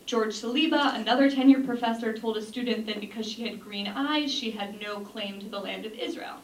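A woman's voice: fairly high pitch, brisk. A young woman giving an earnest talk to an audience, with frequent ums and restarts. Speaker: speaker. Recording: echoey room from a distance, faint noise.

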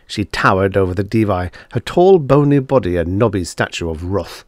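Expressive male audiobook narrator. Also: low voice, normal speed, no room sound, studio quality. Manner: expressive storytelling reading. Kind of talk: scripted narration.

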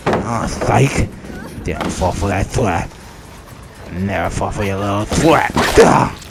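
A man's voice: fairly low pitch, takes it slowly, creaky. A man streaming a video game, taunting and trash-talking the other players as he plays. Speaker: gaming streamer. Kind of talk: live gaming commentary. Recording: game music and noise under the voice.

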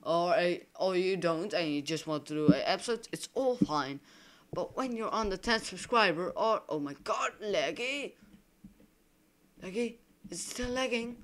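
A young man, an English speaker, giving rambling, excitable commentary over his own gameplay. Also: sits high. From Russia. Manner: excitable, rambling, quick to complain and panic. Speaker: gaming YouTuber.

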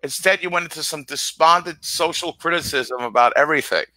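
A man's voice: a little high, brisk, pushed and bright, no echo. A man co-hosting a casual podcast chat, teasing and probing his friends with jokes. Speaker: podcast co-host.

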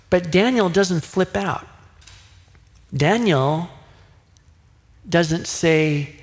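A man's voice: sits high, very slow, pauses often. A male pastor preaching a sermon in a conversational way, now and then acting out the voices of people in the story. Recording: long hall reverb.

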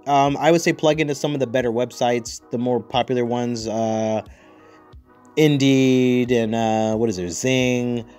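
A man's voice: medium pitch, fairly even intonation, a little slow, a little mellow, clear, resonant tone, soft background music. A man hosting a podcast, chatting casually with a profane, rambling, joking manner. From United States. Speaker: podcast host. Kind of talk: casual chat.

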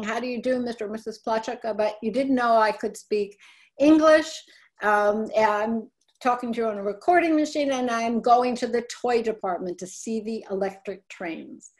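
A woman's voice: on the high side, unhurried. A middle-aged woman presenting a webinar talk, speaking conversationally and often correcting herself. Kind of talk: webinar talk on family papers.

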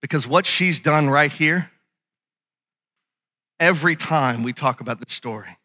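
A male pastor preaching a sermon with passion, asking his congregation questions and rising to shouts. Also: a little high, unhurried.

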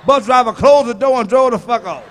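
A male stand-up comedian performing a profane set, teasing the audience and shouting punchlines at them. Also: very high voice, brisk, some chatter behind.

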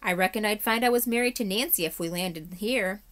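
A woman's voice: mid-range voice, brisk, a bit bright, natural voice. A woman voicing a plain-spoken sailor man in a storybook reading. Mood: wistful. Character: rough, wistful sailor man.

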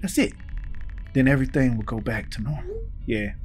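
Lively, hyped man in game commentary. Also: mid-range voice, brisk. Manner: hyped, reads text messages aloud and reacts with slang banter. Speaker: gaming video host. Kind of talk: playthrough commentary. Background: faint game music.

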